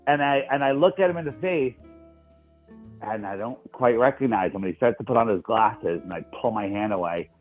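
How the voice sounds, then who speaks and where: A man tells stories in a lively way, often repeating his words mid-thought. He is heard over a thin, phone-like call line. Faint music plays underneath. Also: on the low side, a little fast. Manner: animated storyteller, repeats words. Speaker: guest. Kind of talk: casual chat.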